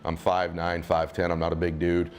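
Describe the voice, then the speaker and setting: Deep-voiced guy giving motivational answers, emphatic, repeats his lines, faint music under it. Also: completely flat delivery, moderate pace. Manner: emphatic, punchy repetitive phrasing. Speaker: guest on a motivational interview. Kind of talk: motivational interview talk.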